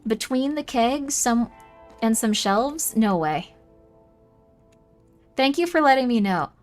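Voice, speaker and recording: A woman's voice: fairly high pitch, lively intonation, takes it slowly, soft background music. Chatty young woman streaming a game. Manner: chatty, reacting aloud to chat and muttering to herself. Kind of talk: casual livestream chat while gaming.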